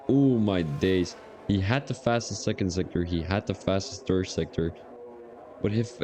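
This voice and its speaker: A man's voice: low-pitched, mellow, slight background noise. A man commentating a sim racing league qualifying session on a live stream, chatty and drifting into rambling personal asides between the lap calls.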